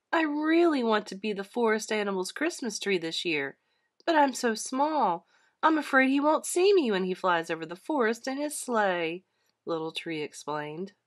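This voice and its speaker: A woman reading a children's picture book aloud, expressive and lively, giving the characters their own voices. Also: mid-range voice. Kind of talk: storybook read-aloud.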